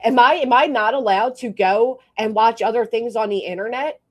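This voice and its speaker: At a moderate pace and with a slightly high voice, a woman live streamer rants bluntly and profanely. Between the outbursts, she gives shout-outs to her members.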